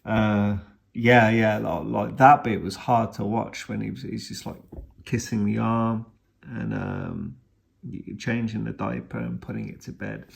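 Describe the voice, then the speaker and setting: A man's voice: fairly low pitch, animated, unhurried, vocal fry. A man and father giving a casual, rambling film review, retelling the plot with many restarts and fillers.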